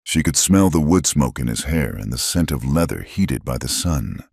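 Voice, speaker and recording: Super deep guy reading a western story, slow and dramatic, dry sound. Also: lively intonation, vocal fry, a little mellow, breathy edge, dry recording. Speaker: narrator. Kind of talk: scripted narration.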